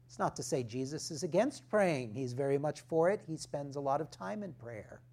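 A male pastor preaching a sermon, deliberate and emphatic, with rhetorical questions and firm points. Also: fairly high pitch, lively intonation, a little mellow.

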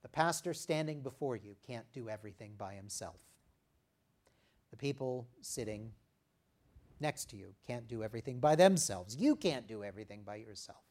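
A man's voice: mid-range voice, lively intonation. Conversational male pastor preaching. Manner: reads scripture aloud, then explains it in a conversational way with frequent "uh" pauses; dynamic delivery, rising for emphasis and dropping very soft at the ends of phrases. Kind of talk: sermon.

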